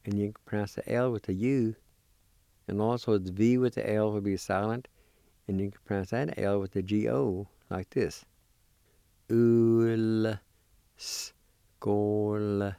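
A man teaching a vocabulary lesson, patiently spelling out each word letter by letter and pronouncing it slowly. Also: on the low side, steady tone, creaky, mellow, no echo. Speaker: language teacher. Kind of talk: slow spelling and pronunciation lesson.

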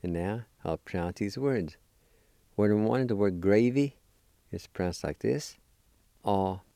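A man teaching a language lesson, spelling and pronouncing words syllable by syllable in a deliberate, patient way. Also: fairly low pitch, lively intonation, vocal fry, mellow, no room sound.

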